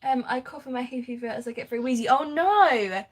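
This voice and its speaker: A woman's voice: sits high, brisk. A woman chatting casually as she crafts on a live stream, laughing often and answering viewer comments. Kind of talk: casual chat while crafting.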